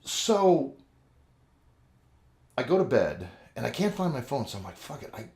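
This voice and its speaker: A man in casual conversation, telling a long story full of swearing and acted-out quotes. His voice sits in a middle pitch for a man. He talks loosely and animatedly, with plenty of filler. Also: very animated, unhurried, gravelly, a little mellow. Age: adult with kids. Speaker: podcast co-host.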